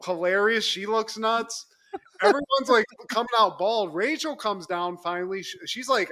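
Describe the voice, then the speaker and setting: A young man with a high, bright voice cheerfully retells a TV episode for his co-host. He talks in an animated way, laughs often and slips into quick impressions of the characters. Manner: animated storytelling, acts out quotes, laughs often. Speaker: podcast co-host. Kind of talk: casual chat recapping a TV episode.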